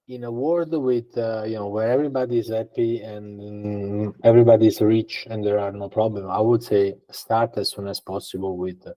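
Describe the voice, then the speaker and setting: A man's voice: fairly low pitch, mellow, low-quality recording. A man answering as a guest in a podcast interview, explaining things conversationally and thinking aloud with frequent fillers and restarts. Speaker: guest data engineer.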